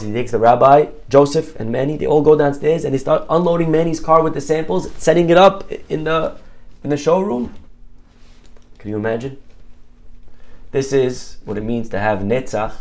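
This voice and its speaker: A man's voice: medium pitch, darkish tone. A man, a rabbi giving a sermon, telling stories in a conversational way with asides and questions to his audience.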